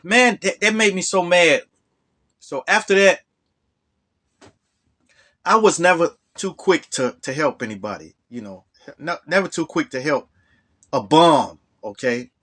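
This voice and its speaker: A man telling a true story in a casual way. He repeats words and jumps up high when he gets indignant. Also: unhurried, pauses often, a bit bright.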